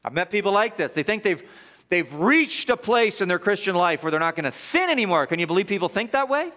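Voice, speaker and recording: A male pastor preaching a sermon in church, emphatic and repetitive, swinging from loud urgency to quiet gravity. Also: high-pitched, very animated, fairly quick. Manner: emphatic, repeats words for stress.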